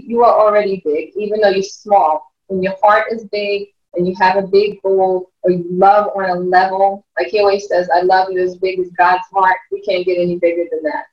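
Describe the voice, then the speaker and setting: A woman, a mother and life coach, telling stories in an interview, animated and often laughing as she acts out what others said. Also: mid-range voice. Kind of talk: storytelling interview chat. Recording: roomy, distant, dull lo-fi sound.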